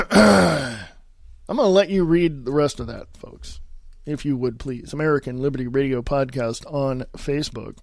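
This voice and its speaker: A man hosting a solo political podcast, reading news headlines aloud with sarcastic asides and repeating himself, often coughing and clearing his throat. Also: mid-range voice, moderate pace, no echo, clean studio sound. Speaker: podcast host.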